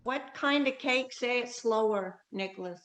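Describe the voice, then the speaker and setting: A woman's voice: on the high side, moderate pace, a bit bright, reverberant. A woman chatting on a video call, teasing and chatty. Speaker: class participant. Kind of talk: casual chat on a video call.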